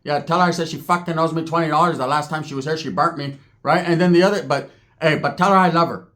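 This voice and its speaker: A man's voice: on the high side, fast, fairly bright tone, voice pushed down, lightly acted. A man voicing a crabby, gossipy middle-aged aunt who gripes in a voice. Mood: griping. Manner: griping, gossipy.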